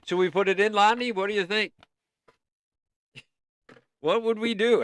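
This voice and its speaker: A man's voice: high voice, expressive, moderate pace, long pauses, fairly bright tone, clean tone. A man hosting a casual art livestream, rambling and easily sidetracked, breaking off to sing bits of songs. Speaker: livestream host.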